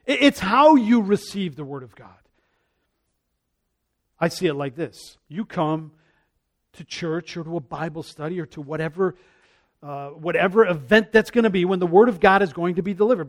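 A man preaching a conversational sermon as a pastor, earnest, repeating his phrases and dropping to a hush when he voices prayers. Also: high voice, animated, normal speed.

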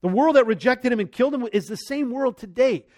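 A pastor preaches a sermon with animation, swinging between loud and soft passages and acting out the voices he quotes. His voice is very high and fairly quick.

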